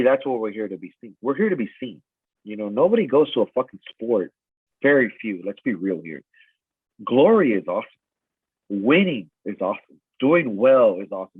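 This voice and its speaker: A man's voice: fairly low pitch, slightly rough, dry recording. A man in his forties, a strength coach, talking intensely and profanely in a podcast interview. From United States. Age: 40s. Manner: intense, profane, animated storytelling. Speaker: strength coach and gym owner. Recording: tinny phone-like line.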